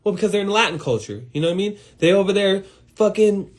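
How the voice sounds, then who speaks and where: Young male streamer, fairly high voice, loose profane pep talk with sudden loud bursts. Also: fast. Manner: animated and profane, swings between loud outbursts and low muttering. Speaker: host of an Instagram live stream. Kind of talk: casual motivational monologue.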